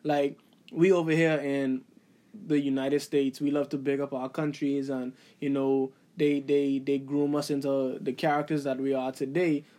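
A man talking in a casual podcast chat, animated and rhetorical, using Caribbean slang. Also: mid-range voice, moderate pace.

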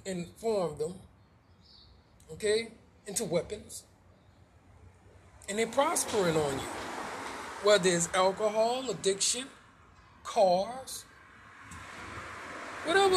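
A man's voice: sits high, noisy background. A man preaching informally, firing rhetorical questions, restarting phrases and dropping slangy asides.

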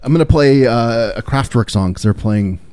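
A man co-hosting a comedy podcast, dropping dry, deadpan one-liners in casual banter. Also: mid-range voice, moderate pace, smooth, no echo. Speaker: podcast co-host.

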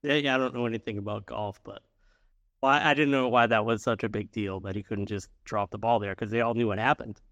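A man's voice: lowish voice, steady tone, brisk, fairly bright tone, lo-fi sound. A man co-hosting a podcast, casually retelling TV scenes and laughing along. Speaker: podcast co-host. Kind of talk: casual chat recapping a TV episode.

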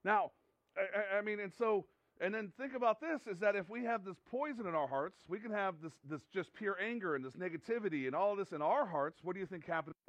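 A man's voice: high-pitched, fairly quick, no echo, highs cut off. A man preaching a sermon in an earnest, conversational way, often repeating himself and restarting sentences. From United States. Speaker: pastor.

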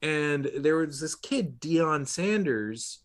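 A man's voice: on the high side, animated, takes it slowly. A middle-aged man from Long Island, hosting a casual conversation and rambling through anecdotes with lots of fillers and restarts. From New York, Long Island. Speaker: podcast host.

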